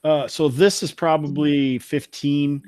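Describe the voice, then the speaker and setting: A man's voice: fairly high pitch, fairly even intonation, a little mellow, no room sound. Hesitant male game master, dry sound. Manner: halting, searching for words with many fillers. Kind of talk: narrating a tabletop game.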